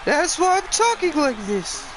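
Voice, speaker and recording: A man putting on a squeaky, hurt young guy. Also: wildly swooping pitch, measured pace, full character voice. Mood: whiny. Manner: high strained whimpering voice. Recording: game crowd noise behind.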